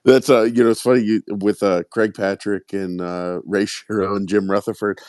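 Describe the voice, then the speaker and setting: A man with a Pittsburgh accent hosting a podcast, talking in a rambling, halting way with many fillers. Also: on the low side, level tone, a little mellow, dry recording. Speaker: podcast host. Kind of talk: casual podcast chat.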